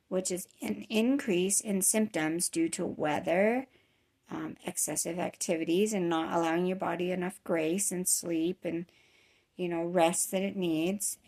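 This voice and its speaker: A woman's voice: fairly low pitch, vocal fry, darkish tone. A woman in her thirties talking candidly in a casual personal vlog, rambling with many fillers and restarts, worn down by chronic nausea. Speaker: vlogger.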